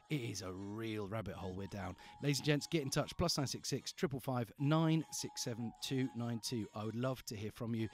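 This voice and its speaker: A man's voice: medium pitch, brisk, few pauses. A man hosting a live evening radio call-in show, upbeat and playful, repeating phrases for emphasis, speaking into a studio microphone. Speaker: radio host.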